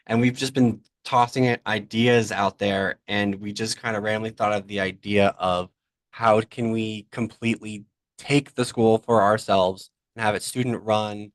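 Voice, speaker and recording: A man with a somewhat low voice speaks up in an online meeting. His delivery is halting and earnest, with many restarts. The recording is dry and close. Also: steady tone, dry recording. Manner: halting, repeats words, earnest. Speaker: student participant.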